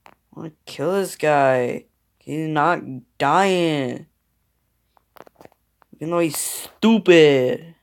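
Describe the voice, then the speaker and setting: Slow-talking tired gamer guy. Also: on the high side, creaky, smooth. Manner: grumbling at the game, muttering to himself. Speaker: mobile game player. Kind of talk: gameplay commentary. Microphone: phone microphone.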